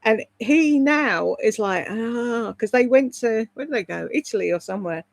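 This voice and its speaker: A woman's voice: on the high side, lively intonation, normal speed, gravelly, dry recording. A British woman chatting casually on a live stream, rambling between topics and reading out viewer comments. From Britain. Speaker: live streamer and voice-over artist.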